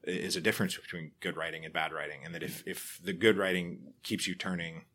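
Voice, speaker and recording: A man's voice: sits low, fairly quick. A middle-aged man, a podcaster and author, talking casually in an interview, telling stories animatedly with many restarts. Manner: animated storyteller, acts out quoted people, frequent restarts.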